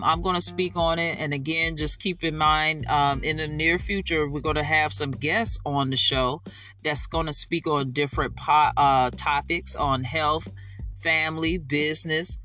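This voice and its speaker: A podcast host leading spoken prayer and faith declarations. They talk with fervor, repeat each declaration slowly for listeners to echo, and drop into folksy, informal asides between prayers. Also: medium pitch, bright, forceful tone, far from the mic.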